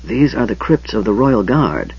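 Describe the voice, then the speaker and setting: A man reading a story aloud, voicing a proud elf nobleman in a strangled, hushed voice, on a dull lo-fi recording. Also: fairly low pitch, lively intonation, normal speed, slightly rough. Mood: fearful. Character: proud elf male noble, fearful and solemn.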